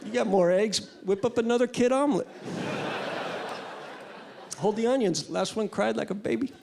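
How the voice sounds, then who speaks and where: A male stand-up comedian doing a crude, deadpan, rambling set on a club stage into a handheld mic. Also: high-pitched, normal speed, gravelly. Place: comedy club stage before a live audience. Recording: live club with loud crowd noise.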